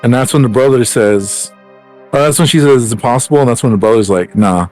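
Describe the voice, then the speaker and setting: A man with an ordinary mid-pitched voice, speaking in casual podcast chat. He recaps a movie plot in a relaxed, joking manner, with frequent fillers. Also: fast, faint music behind, low-quality recording. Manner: laid-back, joking, summarizes plot. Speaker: podcast co-host.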